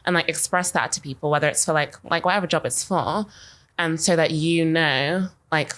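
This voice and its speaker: Young woman with a low voice, rambly casual podcast chat, says like a lot. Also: normal speed, a bit bright. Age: young adult. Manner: chatty, rambling, uses "like" constantly. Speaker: marketing podcast co-host.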